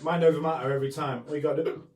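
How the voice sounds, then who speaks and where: A man's voice: a little high, steady tone, rapid-fire, darkish tone. A man hosting a live painting stream, chatting casually with a self-deprecating, apologetic manner. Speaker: painting livestream host. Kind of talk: casual live art demonstration. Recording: echoey room, mic at a distance, faint music. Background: faint background music.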